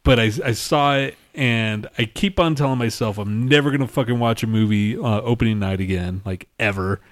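A man's voice: fairly low pitch, fairly quick. A man co-hosting a podcast, telling rambling, profane stories in casual chat and acting out people he mimics. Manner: profane, rambling storytelling with animated imitations. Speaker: podcast co-host.

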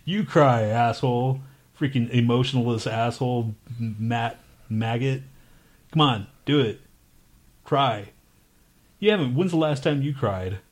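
A man co-hosting a casual podcast, trading crude insults and teasing with a laugh. His voice sits at an ordinary middle pitch, and his talk is full of swearing. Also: a little mellow. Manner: profane, teasing, laughs often. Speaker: podcast co-host.

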